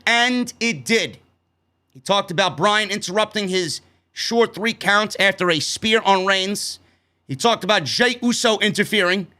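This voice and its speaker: A man with a high, bright and forceful voice delivers a profane, heated rant as he reviews a wrestling show. He swears constantly and drives every point home.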